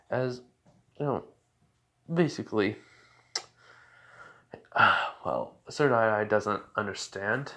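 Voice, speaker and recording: A man's voice: on the low side, slow pace, pauses often, sharp tone. A man narrating an improvised fan story, rambling with many fillers and restarts.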